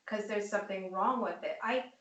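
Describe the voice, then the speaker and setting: A woman's voice: mid-range voice, normal speed, fairly bright tone. Woman telling stories all earnest, sounds far from the mic. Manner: earnest storytelling. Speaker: co-host. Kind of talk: casual discussion. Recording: roomy, distant mic.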